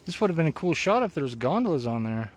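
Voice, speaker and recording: Man from Colorado, live-vlog host: bright, high-ish voice, very animated delivery, chatty and restless. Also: fast talker. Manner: animated, chatty, keeps asking viewers "huh?". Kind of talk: casual live chat. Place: outdoors on a mountain.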